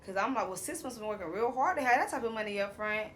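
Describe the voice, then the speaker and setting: A woman's voice: on the high side, very fast, a little hiss or hum. A woman, casually recapping a reality show episode, acting out quotes and laughing often. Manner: animated storyteller, acts out quotes, laughs often.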